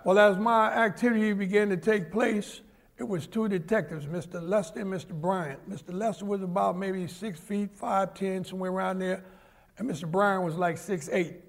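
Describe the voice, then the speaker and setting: An older New man with a high voice and a gravelly rasp, telling his life story in an interview. He is an animated storyteller who slips into the voices of the people in his stories. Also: normal speed. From New York.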